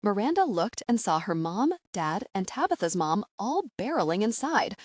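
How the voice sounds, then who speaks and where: A woman narrating an audiobook in a gentle storytelling manner. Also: medium pitch, big pitch swings, normal speed, no room sound, clean studio sound.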